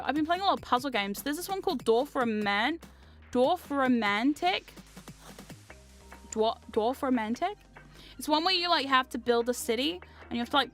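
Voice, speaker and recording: A woman's voice: high voice, a bit bright. A young woman streamer chatting casually and animatedly, reading chat aloud and swearing freely. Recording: faint music behind.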